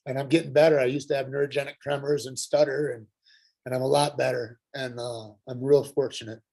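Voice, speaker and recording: A middle-aged man shares his recovery story in an earnest, halting way. His voice is gravelly and husky, and his pitch sits mid-range for a man. He pauses often and restarts his sentences as he talks. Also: flat delivery, a little mellow. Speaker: workshop speaker sharing his story. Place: Santa Fe.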